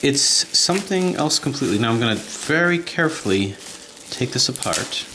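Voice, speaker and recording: A man talking casually at home at night, unboxing and demonstrating a puzzle with eager, chatty enthusiasm. His pitch swings widely as he talks, and steady hiss and clicks run under the home recording. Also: normal speed. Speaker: puzzle collector and video host. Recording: noisy home video with clicks.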